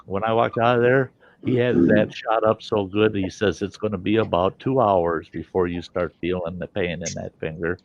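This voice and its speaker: A man casually telling a story in a profane, animated way and acting out the people in it. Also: sits low, normal speed, lo-fi sound.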